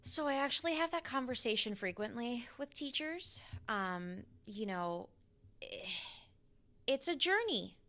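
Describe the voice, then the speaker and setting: Higher-voiced earnest woman guest. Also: animated, measured pace, a bit bright. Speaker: podcast guest, educator. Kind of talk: casual podcast conversation.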